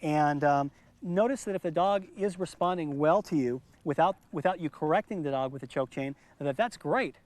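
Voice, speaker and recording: A man's voice: a little high, moderate pace, a little mellow, no room sound. Patient middle-aged male dog trainer. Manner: patient, explanatory, repeats words for emphasis. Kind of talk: instructional demonstration.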